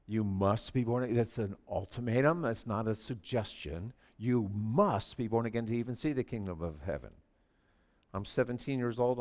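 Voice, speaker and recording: A man in his sixties preaching a sermon in a church, telling stories animatedly and swinging from quiet asides to near shouting. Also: on the low side. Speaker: pastor.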